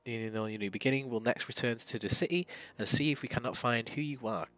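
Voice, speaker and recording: A man's voice: medium pitch, fast, a bit bright, no room sound, pitched above the performer's own voice, close to an everyday voice. A man reading as a pompous, eccentric older inspector in a grandiloquent, theatrical way.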